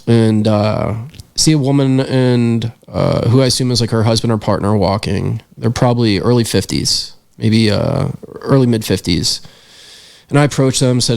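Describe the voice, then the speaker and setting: A man's voice: fairly low pitch, moderate pace, vocal fry, darkish tone. A young man, a podcast guest and filmmaker, telling a story in a casual interview, earnest and reflective with many fillers.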